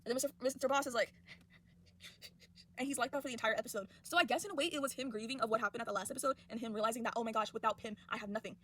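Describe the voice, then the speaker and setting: Fast-talking, fired-up young woman. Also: a little high. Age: young adult. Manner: animated, indignant ranting. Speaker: college student. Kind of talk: casual rant vlog.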